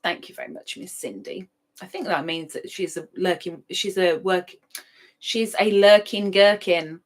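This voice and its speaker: In a casual stream, a middle-aged woman reads out the chat and playfully sings viewers' names over and over. Her voice is on the low side and a bit breathy, moving at a moderate pace.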